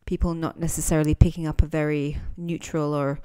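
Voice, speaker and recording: A woman with a low, warm voice hosts a relaxed podcast lesson on English. She is a native speaker and teacher who talks in a thoughtful way, often pausing and restarting her sentences. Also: clean tone. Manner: thoughtful, with frequent restarts and fillers.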